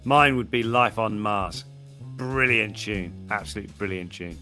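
A man's voice: lowish voice, unhurried, bright, forceful tone, soft background music. A man co-hosting a podcast, chatting casually with playful, mock-serious banter. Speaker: podcast co-host. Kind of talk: casual chat.

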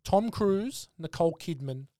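A man hosts a casual film podcast in a fairly high voice. He talks bluntly and swears freely. The sound is dry and close. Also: animated, unhurried, mellow, dry recording. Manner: blunt, sweary, leads the segments. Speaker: podcast host.

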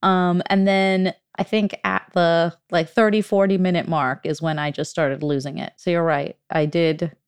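A woman's voice: fairly low pitch, fairly even intonation, measured pace, few pauses, smooth, dry recording, clean studio sound. A woman host asking questions in a candid, conversational way, laughing at herself. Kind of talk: casual interview chat.

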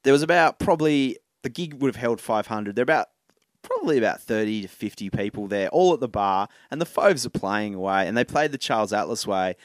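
A man co-hosting a podcast, telling rambling anecdotes full of fillers in an animated way. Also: fairly low pitch, a little fast, no echo, clean studio sound. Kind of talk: casual chat.

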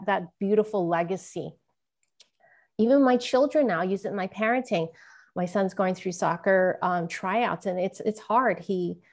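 A woman's voice: on the low side, gravelly. A middle-aged woman, a guest, telling an emotional personal story in an earnest, tearful way.

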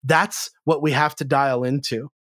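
A man speaking as a sales trainer on a podcast, energetic and blunt, swearing freely and jumping up in pitch for emphasis. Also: unhurried, no room sound, studio quality. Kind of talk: casual interview chat.

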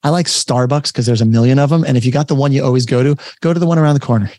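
A man coaching a workshop over a video call, talking in an energetic, conversational and emphatic way. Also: medium pitch, very fast, no room sound. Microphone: webcam setup, facing camera.

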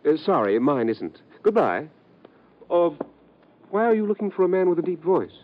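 An actor playing a fussy, evasive male lawyer who talks in a fluttery, hurried way, in 1950s radio drama style. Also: medium pitch, big pitch swings. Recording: dull lo-fi old radio recording.

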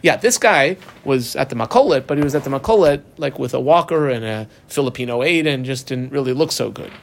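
A man's voice: mid-range voice, lively intonation, brisk, gravelly. A man teaching a Talmud lesson, mixing Aramaic and Hebrew terms with casual English asides. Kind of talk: daf yomi Talmud lesson.

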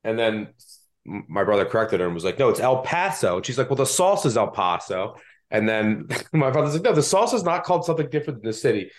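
A man's voice: on the low side, expressive, fast talker. A man with a Delco accent hosting a casual sports betting podcast, chatty and self-deprecating. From Delaware County, Pennsylvania. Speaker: podcast host.

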